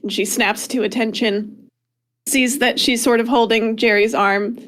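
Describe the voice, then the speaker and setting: Casting: chatty, hesitant woman player narrating a tabletop scene, slightly high voice. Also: fairly even intonation, measured pace, fairly bright tone.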